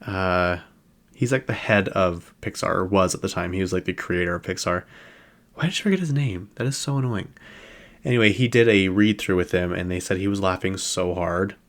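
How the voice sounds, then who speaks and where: A man's voice: deep voice, normal speed. A man hosting a podcast, chatting casually about celebrity news in a rambling way with lots of fillers. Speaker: podcast host.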